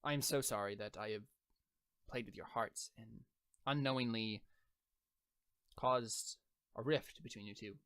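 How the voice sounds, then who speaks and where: A man's voice: on the low side, unhurried, long pauses, fairly bright tone, no echo, clean studio sound, voice pushed down. A man playing a grateful, formal male master who speaks earnestly as he frees his servant in a tabletop role-playing game. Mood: apologetic.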